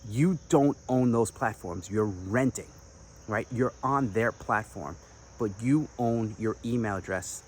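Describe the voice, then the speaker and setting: A man giving direct-to-camera business advice as an online coach, energetic and chatty with playful asides. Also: lowish voice, unhurried, slight background noise.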